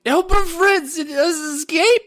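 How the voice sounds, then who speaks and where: A man putting on the voice of a pleading little male lawn gnome in a squeaky, whiny tone. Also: a little slow, bright, forceful tone, full character voice. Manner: whiny, wheedling, high squeak.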